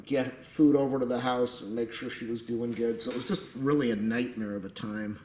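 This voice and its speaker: A man's voice: mid-range voice, echoey room, rough recording. A man rambling through a chatty, meandering vlog commentary at his computer table at home, with jokey asides. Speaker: tech video creator.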